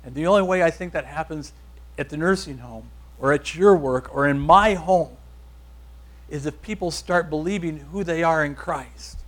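Male preacher, slightly high voice, emphatic sermon with call-and-response. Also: normal speed. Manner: emphatic repetitive declarations, leads congregation call-and-response.

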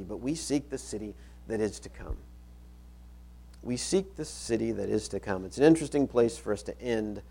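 Gravelly-voiced pastor preaching earnestly. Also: male voice, medium pitch, a little mellow. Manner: earnest, repeats key phrases for emphasis, reads scripture aloud. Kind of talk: sermon.

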